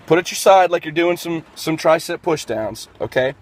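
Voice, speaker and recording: A man in a casual fitness vlog walks through his workout step by step, his voice sitting a little high, often stopping to fill a gap or restart a phrase. He is outdoors in an urban spot with vehicles passing behind him, picked up by the camera mic. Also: lively intonation, fast, few pauses. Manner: explains step by step with frequent fillers and restarts. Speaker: fitness vlogger.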